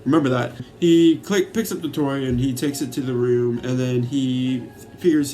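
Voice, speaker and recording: A man's voice: medium pitch, steady tone, moderate pace, hardly any pauses, warm tone, soft background music. A man casually recapping a movie he loves, rambling with many fillers and swearing freely. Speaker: YouTuber reviewing a movie.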